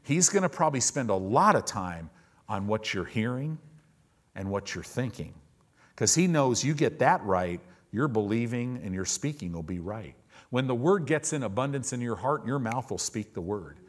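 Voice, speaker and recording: A male pastor preaching a sermon in a church, moving between quiet asides and loud, acted-out quotes of his listeners. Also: mid-range voice, very animated, normal speed. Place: church sanctuary.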